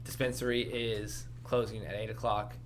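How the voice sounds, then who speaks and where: A man's voice: fairly low pitch, flat delivery, normal speed, noisy background. A young man from Arkansas, co-hosting a podcast in casual chat, rambling and swearing as he tells stories. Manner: profane, rambling storyteller. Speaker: podcast co-host.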